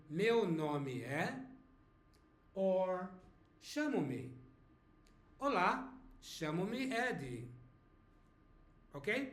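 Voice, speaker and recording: Brazilian-accented man, 50s, language teacher, slow, patient, echoey room. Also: high voice. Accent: Brazilian Portuguese. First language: Portuguese. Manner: slow, patient, checks in with "okay?". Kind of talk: beginner language lesson.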